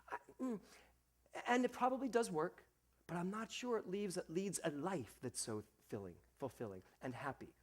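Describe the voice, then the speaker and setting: A man delivers a sermon to a congregation in a somewhat high voice that rises and falls in lively swings. He acts out the voices of the people he quotes and speaks straight to his listeners as he preaches. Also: fairly quick. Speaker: minister.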